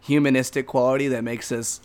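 A man co-hosting a podcast, joking and ranting in a casual, animated chat. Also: mid-range voice, a little fast. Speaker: podcast co-host.

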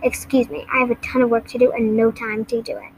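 A woman's voice: fairly high pitch, level tone, fast talker, a little hiss or hum, close to an everyday voice, rough recording. A woman reading the part of an angry, defiant teenage schoolgirl who talks sharply.

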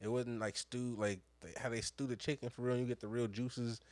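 A young man co-hosting a podcast, telling an animated story in casual, profane slang. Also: mid-range voice, brisk, no echo. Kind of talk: casual chat.

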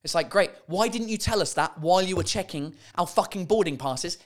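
A man's voice: high voice, animated, fairly quick. Guy on his podcast venting, swearing a lot, fed up and going off. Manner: exasperated, profane. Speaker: podcast host. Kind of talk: ranting comic storytelling.

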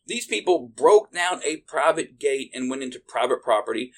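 A man with a mid-range voice rants angrily as a podcast host. He swears constantly, and his delivery flares into loud, heated bursts. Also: medium pitch, lively intonation, normal speed. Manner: profane, heated, shouting bursts. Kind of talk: angry political rant.

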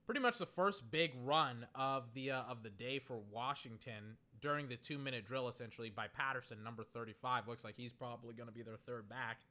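A young man giving casual live football commentary, swinging from muttered play-by-play to loud, exasperated rants. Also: medium pitch, quick pace. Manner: excitable, ranting, swings between muttered play-by-play and loud outbursts. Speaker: sports commentator.

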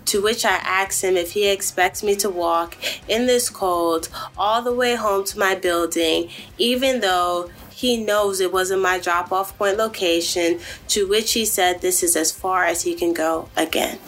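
Animated, profane woman telling a story. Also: lowish voice, measured pace. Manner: animated, profane, addresses listeners as guys and y'all. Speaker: podcast host. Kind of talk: casual storytelling monologue.

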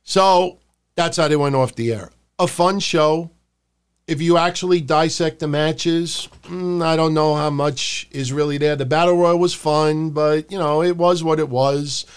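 A man hosting a wrestling review podcast, talking casually and rambling, swearing freely and dropping into shouted impressions. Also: fairly high pitch, steady tone, a little slow, smooth. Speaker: podcast host.

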